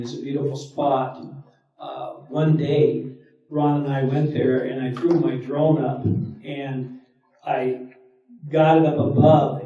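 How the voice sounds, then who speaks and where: A man on a panel explaining local history in a steady, matter-of-fact way. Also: medium pitch, gravelly. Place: town hall. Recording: echoey hall, distant and lo-fi.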